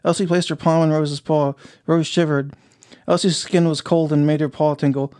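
A man narrating an audiobook in a plain, steady reading style. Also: a little high, moderate pace.

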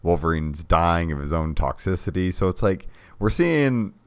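Man, extremely deep voice, rambling casual talk, dry close recording. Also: sing-song, moderate pace, clear, resonant tone, no echo. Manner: rambling, many "like" fillers, trailing off softly. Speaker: podcast co-host. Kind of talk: casual movie discussion.

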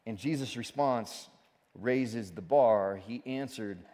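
A man preaching a sermon as pastor, speaking with animated emphasis and joking asides. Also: on the low side, measured pace. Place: church sanctuary. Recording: church sanctuary with long reverb.

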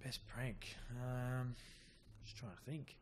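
A man's voice: medium pitch, fairly even intonation, takes it slowly. A man, a guest in casual chat, rambling through stories, swearing freely and acting out what others said. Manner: rambling storyteller, swears freely, acts out quotes. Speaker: guest, rugby league player.

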